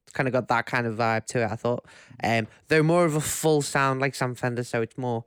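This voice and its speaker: A man's voice: mid-range voice, brisk, clear, resonant tone, dry recording, studio quality. A man with a Liverpool accent co-hosting a casual podcast, joking and chatty. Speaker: podcast co-host.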